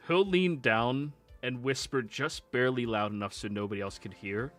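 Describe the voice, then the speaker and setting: A man narrating a tabletop game as game master in a relaxed, conversational way. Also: medium pitch, normal speed, hardly any pauses, soft background music.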